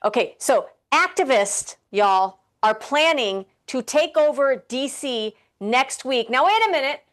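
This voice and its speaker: Woman host, casual political talk, sarcastic rhetorical questions, fairly high voice. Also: lively intonation, measured pace, fairly bright tone.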